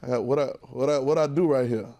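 A man's voice: medium pitch, steady tone, fast talker, dark tone. A man with a Southern US accent preaching a sermon to his church, talking conversationally, laughing and calling for responses from the congregation. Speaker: pastor.

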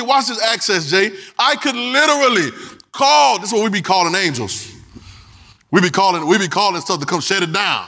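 High, forceful preaching man. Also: big-room sound. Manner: emphatic, repetitive, calls out to the congregation. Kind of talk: sermon.

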